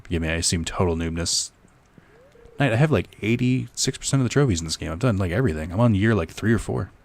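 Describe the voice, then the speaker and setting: A man's voice: deep voice, lively intonation, fast, vocal fry. A young man giving casual let's-play commentary, rambling and joking with profane asides. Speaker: gaming streamer.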